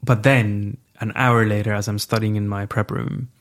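A man's voice: on the low side, flat delivery, normal speed. A young man telling a personal story as a podcast guest, frank and reflective, swearing casually.

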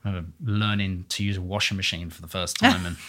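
A man's voice: low-pitched, steady tone, sharp tone, a little hiss or hum. Guy, theatre type, rambling anecdotes, laughs a lot. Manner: chatty storyteller, quick laughs, restarts. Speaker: guest, musical theatre performer and teacher. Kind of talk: casual chat.

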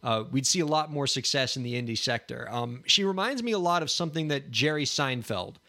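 A male podcast co-host in casual chat, relaxed and thoughtful as he talks things through. His voice sits at an ordinary middle pitch for a man. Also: fairly quick.

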